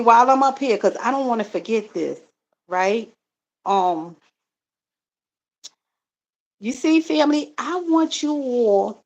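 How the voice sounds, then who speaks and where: A woman's voice: mid-range voice, gravelly, lo-fi sound. A middle-aged woman hosting a casual live stream, chatting with viewers she calls family and reading their comments aloud before answering them. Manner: addresses viewers as family, frequent fillers. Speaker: live-stream host and card reader.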